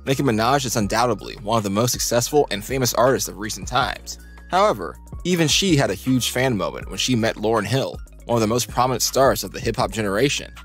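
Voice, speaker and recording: A man reading a scripted countdown narration in an even, steady delivery. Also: medium pitch, quick pace, few pauses, soft background music.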